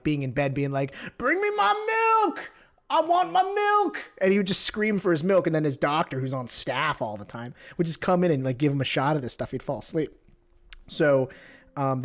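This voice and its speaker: A man hosting a livestream, joking crudely in casual chat with lots of restarts. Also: on the high side. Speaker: livestream host.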